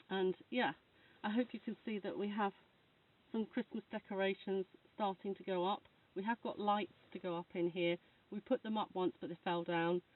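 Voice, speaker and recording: Rambling, chatty woman vlogging about her healing work; thin, phone-like sound, away from the mic. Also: medium pitch. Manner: rambling, chatty, laughs while talking. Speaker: Reiki practitioner. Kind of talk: casual chat to camera. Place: indoors, snuggled under a duvet. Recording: tinny phone-like sound from far off.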